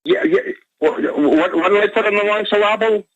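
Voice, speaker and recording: A man's voice: high voice, big pitch swings, normal speed, vocal fry, dry recording. A man calling in to a talk radio show, rambling with stumbling restarts over a phone line. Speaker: caller. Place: Boston area.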